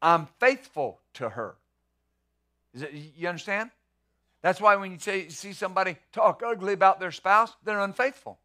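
A man's voice: high-pitched, expressive, moderate pace, pushed and bright. A middle-aged man pastor preaching a sermon in a conversational way, full of rhetorical questions and repeated words.

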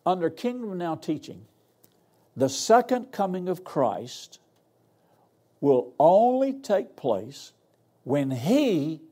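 A man's voice: sits high, big pitch swings, slow pace, pauses often, mellow. An older man, a guest pastor preaching a sermon in a folksy, humorous, storytelling way. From Arkansas. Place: church.

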